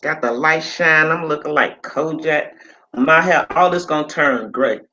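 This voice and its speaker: A man's voice: on the high side, a little slow, bright, forceful tone, dull audio. A man in his late fifties hosting a casual livestream chat, rambling and reading viewer comments aloud with casual swearing. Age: 50s. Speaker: livestream host. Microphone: phone.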